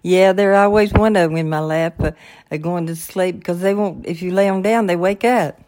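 An older woman, the host's mother, chatting casually in a soft voice with short, simple replies. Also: lowish voice, normal speed. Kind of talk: casual chat.

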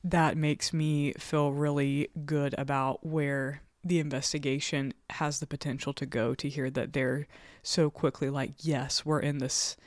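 Woman co-host, low register, dry sound, frank casual talker who also reads aloud. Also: level tone, a little slow, no echo. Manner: chatty, frank, swears casually. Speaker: podcast co-host. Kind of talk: casual chat and reading aloud.

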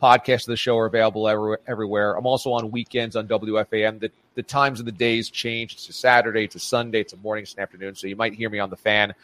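A man's voice: fairly low pitch, level tone, fast talker, few pauses, a bit bright, no echo. A man guesting on a sports radio show, talking in a casual, emphatic way and repeating phrases for punch. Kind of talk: casual radio interview chat.

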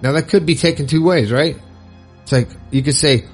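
A man's voice: a little high, normal speed, husky, soft background music. A man hosting his own podcast in a casual, upbeat and rambling way, with lots of fillers and frequent laughs. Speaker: podcast host. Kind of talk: casual solo podcast talk.

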